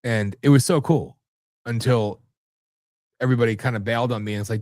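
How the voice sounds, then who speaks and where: A man's voice: medium pitch, fairly even intonation, fast, pauses often, a little mellow, no echo. Man, American accent, live show host, rambling casual chat, self-deprecating, dry sound. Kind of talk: casual late-night chat.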